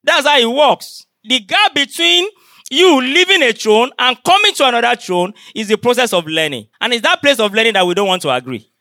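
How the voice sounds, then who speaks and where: A man's voice: extremely high pitch, lively intonation, a little fast, pushed and bright, no echo, clean studio sound. A man preaching a sermon to his congregation, throwing rhetorical questions at them and repeating his key phrases.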